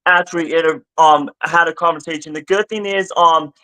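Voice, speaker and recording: A man with a high voice talks on a home livestream. He rambles, repeats himself and climbs higher when upset. The sound is dry with no room echo. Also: fairly even intonation, fairly quick. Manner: rambling, repeats and restarts phrases, gets louder and higher when worked up. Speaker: streamer. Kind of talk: casual livestream chat.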